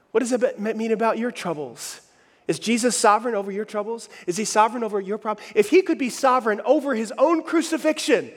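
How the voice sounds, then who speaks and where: A pastor preaching a lively sermon, acting out the voices he quotes. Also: sits high. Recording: long hall reverb.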